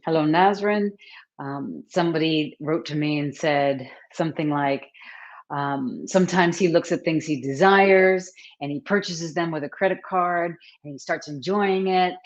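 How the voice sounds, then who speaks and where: A woman hosting a casual live stream, chatting warmly and greeting viewers by name as she talks. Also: lowish voice. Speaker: host, author and coach. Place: at home, book behind her. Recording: slightly dull, lo-fi sound.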